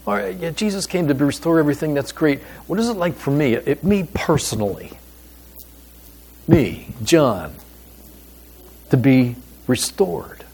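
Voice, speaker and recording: A man preaching a sermon as pastor, with a deliberate, emphatic delivery and pauses. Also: a little high, animated, darkish tone, breathy edge.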